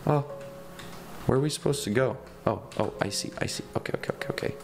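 A young man hosting a gaming video, giving excitable running commentary and yelping and laughing as he plays. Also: medium pitch, fast, creaky. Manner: excitable, yelps and laughs while playing.

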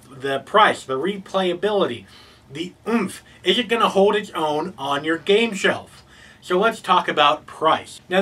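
A man's voice: on the high side, pushed and bright, recorded from a distance, poor audio. Upbeat man reviewing board games. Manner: upbeat, rhetorical questions, building to verdicts. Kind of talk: scripted game review.

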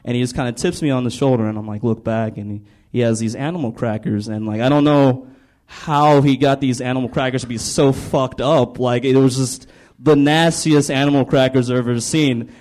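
A man's voice: mid-range voice, steady tone, brisk, a little mellow, low-quality recording. A young man doing a stand-up set in a small comedy club, rambling with lots of fillers and slipping into mocking voices for his characters. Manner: rambling, filler-heavy delivery with mock-voiced quotes.

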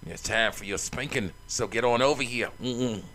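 A man's voice: mid-range voice, normal speed, bright, forceful tone. A man putting on a cocky Australian horse-headed brawler. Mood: taunting. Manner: swaggering, taunting, calls people bro. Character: cocky horse-headed male kickboxer thug.

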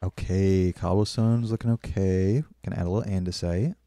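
A young man streams a game while building, chatting casually with viewers, reading chat aloud, and apologizing often. His low, dark voice has fairly even intonation at normal speed.

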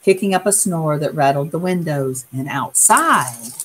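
A woman reading a picture book aloud in a soft, unhurried way, pausing to comment on the pictures. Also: deep voice, lively intonation, a little hiss or hum. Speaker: storyteller.

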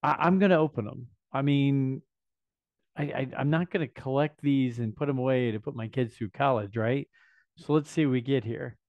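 A man's voice: medium pitch, moderate pace, no room sound. A man in his fifties hosting a casual unboxing video, chatting enthusiastically and thinking aloud as he goes. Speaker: vlog host. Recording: dry, slightly dull lo-fi sound.

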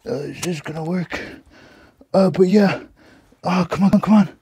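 A young man rambling through a flustered, hurried goodbye in a comedic vlog. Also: high-pitched, warm tone, husky, dry recording.

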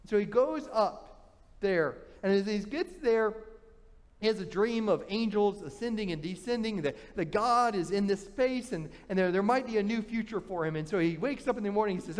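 A male pastor preaching with a high voice, telling the story in an animated way and often restarting his phrases. His words carry a long reverb from the church sanctuary. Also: moderate pace. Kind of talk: sermon.

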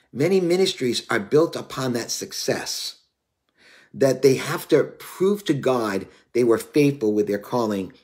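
A man in his fifties preaches earnestly and confessionally. He tells his own story with frequent "you know"s while he searches for words. His voice sits in an ordinary middle range. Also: mid-range voice. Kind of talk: sermon.

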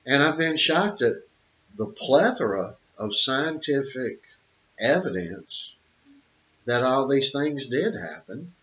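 A man's voice: medium pitch, big pitch swings, slow, pushed and bright. A middle-aged man giving an opinionated monologue, emphatic, with repeated phrases and many fillers. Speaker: channel host. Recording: dull lo-fi audio.

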